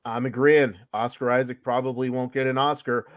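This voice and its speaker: A man's voice: medium pitch, steady tone, measured pace. A man hosting a casual podcast, giving hyped, announcer-style introductions. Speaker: podcast host.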